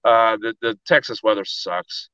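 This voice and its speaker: A man co-hosting a casual sports talk show, excitable, with frequent stammering restarts and Southern slang. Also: lowish voice, moderate pace, clean tone, no echo, lo-fi sound. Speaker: co-host, youth softball coach.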